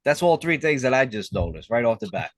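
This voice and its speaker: A man's voice: medium pitch, sing-song, fairly quick, dry recording. A man co-hosting a casual podcast, joking around, laughing often and swearing freely. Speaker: podcast co-host.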